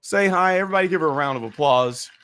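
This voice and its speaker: A man with a raspy voice hosting a casual political live stream, chatty and folksy, greeting his viewers. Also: fairly high pitch, fast talker, sharp tone. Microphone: webcam and computer mic.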